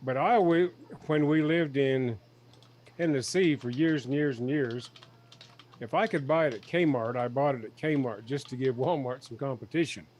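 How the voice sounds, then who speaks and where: A man chatting casually on a live stream in a calm, measured way. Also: mid-range voice, highs cut off. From United States. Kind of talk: casual chat.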